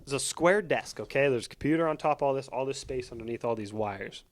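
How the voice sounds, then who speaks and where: A young man co-hosting a podcast, telling a comedic story in an animated, rambling way. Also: medium pitch, fairly quick. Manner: animated, rambling, lots of fillers. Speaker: podcast co-host.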